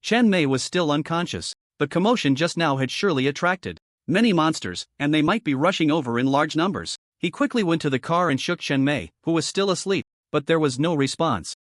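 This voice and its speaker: A man narrating a fantasy story recap in a lively, dramatic scripted reading. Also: a little high, brisk, no room sound, studio quality.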